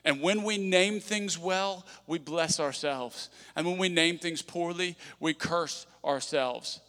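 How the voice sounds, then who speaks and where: A man preaching a sermon as pastor, energetic and conversational with humorous asides. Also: a little high, slow pace. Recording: long reverb of a large hall.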